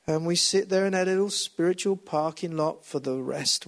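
Animated preacher man. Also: moderate pace. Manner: animated, swings between loud emphatic highs and low hushed lines; walks about while preaching. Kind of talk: lively sermon.

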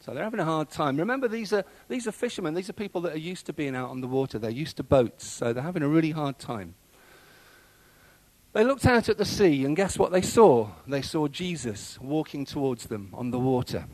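A man's voice: mid-range voice, darkish tone, no room sound, rough recording. A man preaching a sermon in a conversational way, with frequent fillers and restarts.

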